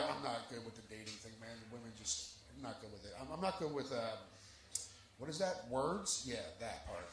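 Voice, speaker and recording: Gravelly animated stand-up man. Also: on the high side. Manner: self-deprecating, raunchy storytelling. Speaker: stand-up comedian. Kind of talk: live stand-up set. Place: comedy lounge stage. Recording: echoey lounge with background noise.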